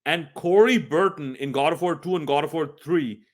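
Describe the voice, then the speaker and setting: A man with a slightly high voice reviews a video game at a normal speed, speaking earnestly and emphatically directly to his viewers in a scripted style.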